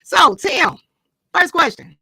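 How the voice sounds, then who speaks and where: A woman hosts a live online interview through her computer mic, gushing and chatty, breaking into laughter often. Her voice swings lively up and down and has a bright, close, dry sound. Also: very high-pitched, slow pace, gravelly, no room sound, low-quality recording. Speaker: host. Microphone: computer mic, live stream.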